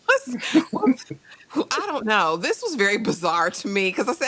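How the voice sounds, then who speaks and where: A woman's voice: medium pitch, huge pitch swings, measured pace, pauses often, sharp tone. A woman co-hosting a casual TV review chat, amused and incredulous. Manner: amused, incredulous, laughing asides. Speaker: co-host reviewing a TV drama.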